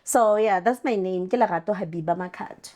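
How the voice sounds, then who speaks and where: A woman's voice: medium pitch, brisk. A woman from South Africa with a Pretoria township accent, chatting as a guest and telling stories as she code-switches. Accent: Pretoria township English. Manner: code-switching, animated storytelling. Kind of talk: casual interview chat.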